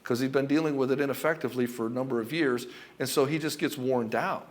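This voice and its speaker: Blunt, profane male relationship coach. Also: fast talker. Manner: blunt, profane and emphatic, repeating key points; swings between loud punchy bursts and low calm stretches. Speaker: relationship coach for married men. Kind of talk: direct-to-camera advice monologue.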